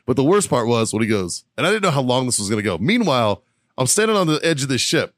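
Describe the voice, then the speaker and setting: Animated, profane male podcast storyteller. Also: mid-range voice, fast, no echo, clean studio sound. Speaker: podcast co-host. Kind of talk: casual chat, storytelling.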